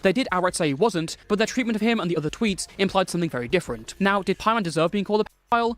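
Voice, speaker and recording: A man giving scripted commentary narration in a brisk, matter-of-fact way. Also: high voice, lively intonation, fairly bright tone, soft background music. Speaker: documentary narrator.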